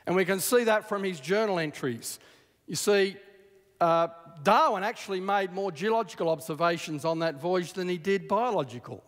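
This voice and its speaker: A man giving a lecture, quoting old sources at length and breaking in with emphatic asides. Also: sits high. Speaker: creationist lecturer. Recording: long hall reverb.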